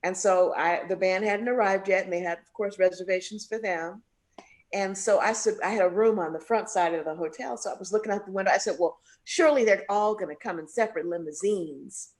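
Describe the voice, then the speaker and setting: A woman jazz singer being interviewed, telling a story with lots of voices for the people in it. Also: brisk. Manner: animated storyteller, acts out quoted voices with big pitch jumps.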